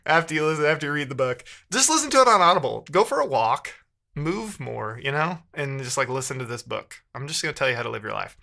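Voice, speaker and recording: A man's voice: a little high, pushed and bright. A man chatting casually on a live stream while he codes, thinking aloud and muttering between bursts of talk to his chat, with keyboard typing behind him.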